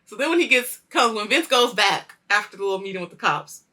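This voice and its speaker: A woman hosting a weekly show, casually reviewing a TV episode, animated and swearing freely as she acts out the scenes. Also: medium pitch, a little fast. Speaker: host of a weekly culture show.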